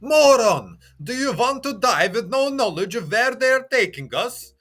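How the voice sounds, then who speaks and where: A man reading a manga aloud and voicing a loud young male prisoner who scolds the others in a shrill voice. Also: big pitch swings, a little slow, exaggerated voice. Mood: scolding.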